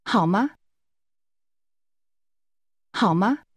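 A woman's voice: mid-range voice, lively intonation, extremely slow, husky, no room sound. A woman speaking example phrases for a language course with careful, precise enunciation.

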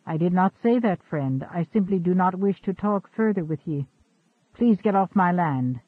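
Male reader as a steadfast Quaker farmer, courteous and calm, old-fashioned speech, phone-thin sound. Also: high voice, moderate pace, no echo, narrow, tinny audio. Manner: calm, courteous, archaic thee-and-thou speech.

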